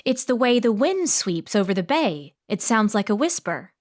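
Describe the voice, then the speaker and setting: A woman's voice: fairly high pitch, very animated, moderate pace. A woman voicing a curious young woman newly arrived in town, inquisitive in manner.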